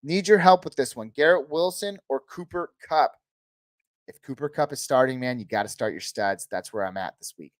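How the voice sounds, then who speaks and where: A man from Northern California hosting a live fantasy football Q&A, reading chat questions and giving quick, casual verdicts on who to start. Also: medium pitch, no room sound. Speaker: fantasy football livestream host.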